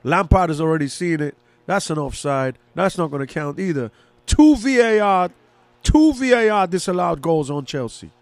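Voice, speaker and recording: Excitable high-voiced man calling a match. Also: normal speed, creaky, few pauses, dry recording. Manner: casual, excitable, rooting for one side. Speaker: fan commentator. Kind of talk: live match commentary and reaction.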